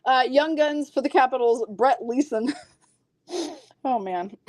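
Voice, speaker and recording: A woman's voice: high voice, slow pace, a little mellow, no echo. A woman hosting a live card break stream, calling out cards and reading the chat in a chatty, self-mocking way, often breaking into giggles. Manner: giggly, keeps breaking into laughter.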